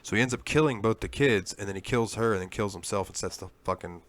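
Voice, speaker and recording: Brief: male podcast co-host, somewhat low voice, loose rambling storyteller who cusses. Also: fast talker. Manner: rambling storyteller, swears freely. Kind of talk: casual chat.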